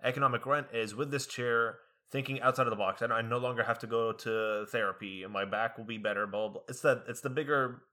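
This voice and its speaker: A man's voice: medium pitch, fairly even intonation, fast, few pauses, bright, forceful tone. A young man, a college student, telling an exasperated story in casual chat with lots of acted-out quotes. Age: young adult.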